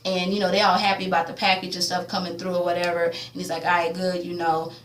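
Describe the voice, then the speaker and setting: A woman casually recapping a TV episode in slangy talk, acting out the characters' lines with loud reactions. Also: fairly low pitch, quick pace, reverberant. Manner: animated, slangy, acts out quotes. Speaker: TV recap vlogger.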